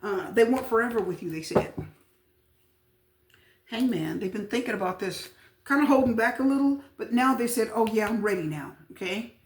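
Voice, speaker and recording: A woman giving a casual tarot reading, chatty and repetitive, often pausing with fillers. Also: fairly high pitch, lively intonation. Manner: chatty, repeats phrases, frequent fillers. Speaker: tarot reader. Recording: echoey room with faint noise.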